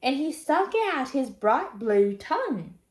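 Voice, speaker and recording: Expressive woman reading a picture book. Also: high voice, slow pace, echoey room. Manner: expressive, chatty asides to young listeners. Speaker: storybook reader. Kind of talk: children's picture book read-aloud.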